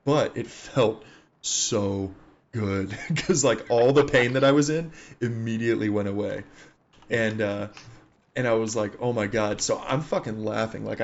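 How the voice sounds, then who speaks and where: A man in his thirties, an army veteran, telling a war story in a profane, laughing, animated way. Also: fairly low pitch, vocal fry, dull audio, slight background noise. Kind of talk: casual storytelling on a live stream.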